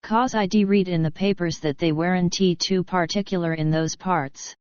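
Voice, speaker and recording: Reading the part of a cool-headed young male outlaw, a woman gives quick, dignified defiance in a lightly acted way. Her voice is on the low side, a little mellow, with fairly even intonation. The lo-fi recording sounds dull and has no room sound.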